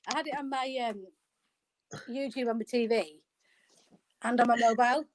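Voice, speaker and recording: A woman's voice: fairly high pitch, fairly even intonation, normal speed, a little hiss or hum. A woman chatting casually as a call-in guest, giggly, laughing between phrases. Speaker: guest calling in. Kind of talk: casual chat.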